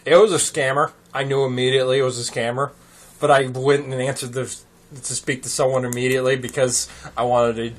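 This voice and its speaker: A man's voice: medium pitch, level tone, brisk. A man hosting a casual chat show, rambling through jokey stories and laughing often. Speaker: podcast host.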